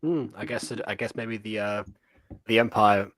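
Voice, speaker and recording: A man's voice: lowish voice, fairly even intonation, moderate pace, a bit bright, dry recording. A man co-hosting a casual review podcast, musing aloud and hedging his points. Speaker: podcast co-host.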